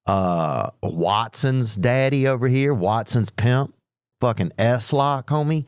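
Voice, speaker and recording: A man's voice: medium pitch, slow pace, smooth, no room sound, studio quality. A man doing loose, rambling stand-up comedy, swearing and laughing at his own bits.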